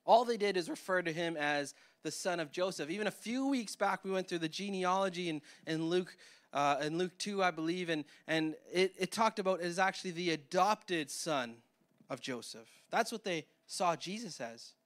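A man's voice: sits high, moderate pace, fairly bright tone. A man preaching a sermon as pastor in a church, often repeating words and restarting his sentences. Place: church hall.

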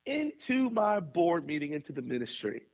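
A young adult man, a pastor, telling a personal story in a podcast interview with a lively, animated delivery and frequent laughs. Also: moderate pace, vocal fry, no room sound, muffled recording. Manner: animated storyteller, swings pitch high for quoted voices, laughs often.

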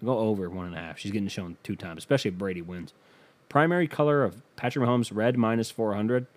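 Male podcast host, casual solo chat, low-ish voice, profane, offhand. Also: quick pace. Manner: profane, offhand, reads odds aloud.

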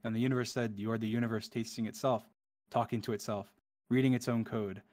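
A man streaming live, reading a long poem aloud as it scrolls past and breaking off into exasperated asides when the text moves too fast. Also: medium pitch, steady tone, a little mellow.

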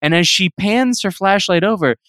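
Man pitching a spoof horror plot. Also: lively intonation, moderate pace, a bit bright, no room sound, clean studio sound. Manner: rambling with fillers and frequent laughing asides. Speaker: podcast co-host. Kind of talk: comic storytelling.

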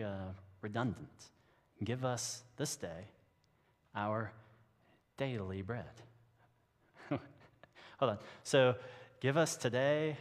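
A man preaches in a relaxed, joking way, often stopping and restarting his sentences. His voice sits at a middle pitch. It rings with the long reverb of a large church hall. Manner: conversational and joking, with frequent restarts. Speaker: pastor. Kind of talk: sermon. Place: church sanctuary.

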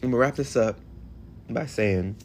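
A man in his twenties hosting a solo podcast in a hotel room, talking in an emotional, affirming way with animated bursts. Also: mid-range voice, normal speed, a little hiss or hum. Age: 20s. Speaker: podcast host.

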